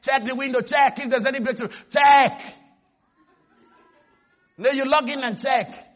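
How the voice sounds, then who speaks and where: A male preacher giving an animated sermon, calling for congregation responses and shouting at peaks. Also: extremely high pitch, brisk.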